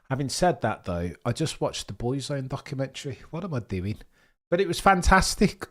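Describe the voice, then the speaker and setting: A man's voice: low voice, husky. A young British man streaming live, chatting and bantering cheekily with his viewers. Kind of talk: casual live-stream chat.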